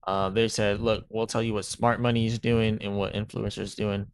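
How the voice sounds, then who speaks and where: A man with a lowish, gravelly voice, hosting a crypto channel. He talks in loose, rambling commentary and checks in with "right?" again and again. The sound is dry and close, with no room around it. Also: little pitch movement, normal speed, no room sound. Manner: rambling, repeats "right?" often. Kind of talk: casual market commentary.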